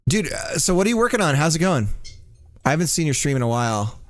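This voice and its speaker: A man's voice: fairly high pitch, big pitch swings, fast. A young man streaming live, chatting casually and rambling with lots of fillers and frequent laughs.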